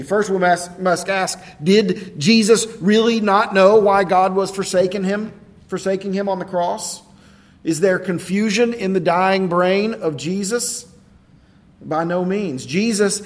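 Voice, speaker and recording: Guy preaching a sermon, kinda high voice, gets really emphatic on his points. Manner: expository preaching, rising to emphatic intensity; slow solemn scripture reading. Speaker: pastor.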